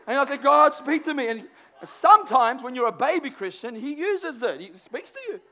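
Man, very high pitch, animated, sermon, stumbles and repeats words. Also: normal speed. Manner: animated, acts out inner thoughts, repeats words. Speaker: preacher.

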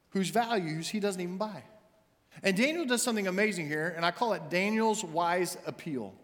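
A man's voice: sits high, a bit bright, long reverb tail. A middle-aged man, a senior minister, preaching a sermon in short, emphatic, repeated lines.

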